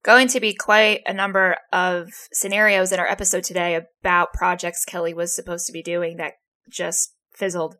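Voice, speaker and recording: A woman's voice: fairly low pitch, little pitch movement, normal speed, pushed and bright. A woman co-hosting a casual podcast chat, talking in a chatty way and laughing easily. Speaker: podcast co-host.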